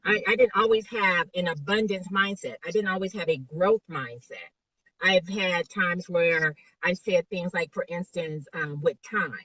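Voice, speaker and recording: A woman's voice: on the low side, unhurried, a bit bright, slightly rough, no echo, recorded from a distance, highs cut off. A woman life coach, a guest in an interview, explaining motivational ideas with a string of rhetorical questions over remote call audio.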